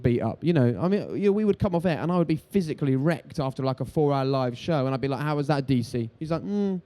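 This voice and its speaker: A quick, animated man in his thirties tells stories on a live event stage. His voice is dark and mellow, and he acts out the voices of people in his anecdotes. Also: medium pitch. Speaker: TV sports presenter, interviewed guest. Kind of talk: lively anecdotal storytelling on stage.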